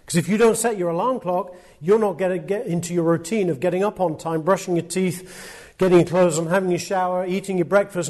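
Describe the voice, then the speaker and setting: A man's voice: sits high, darkish tone. A man preaching a sermon, earnest and emphatic, stacking repeated words and pressing questions on his listeners.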